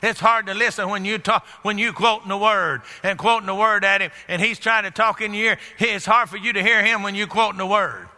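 Older male pastor, high and brilliantly bright, preaching in a reverberant church hall. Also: steady tone, a little fast, hardly any pauses. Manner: preaching, repeats phrases for emphasis, builds to exclamations. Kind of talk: sermon.

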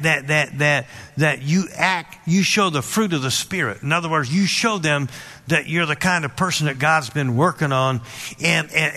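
Bright-voiced man preaching with emphatic asides. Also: a little high. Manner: storytelling, repeats words, emphatic asides. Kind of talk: sermon.

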